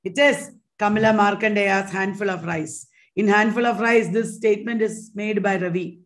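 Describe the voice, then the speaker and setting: A woman's voice: mid-range voice, fairly even intonation, moderate pace. A woman teaching an exam-prep lesson online, quizzing viewers in a chatty way with Hindi asides.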